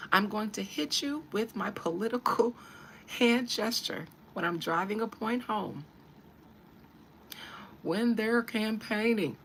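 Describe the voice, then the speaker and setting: An emphatic woman hosts a casual commentary podcast, mid-pitched and speaking directly to her audience. She hammers her points home in a preachy, conversational way. There is a faint hiss of noise behind her. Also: gravelly, fairly bright tone. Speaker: podcast host.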